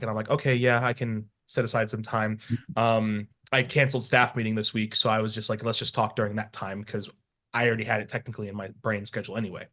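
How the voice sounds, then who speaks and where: A man co-hosting a casual podcast, telling work stories in an animated, rambling way with frequent laughter. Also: medium pitch. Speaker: podcast co-host, housing professional.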